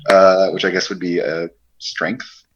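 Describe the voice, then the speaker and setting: A man playing a tabletop game, chatting in a relaxed, drawling way. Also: sits low, a little slow, noisy background. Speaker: player. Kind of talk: casual tabletop game chat. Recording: dull lo-fi audio.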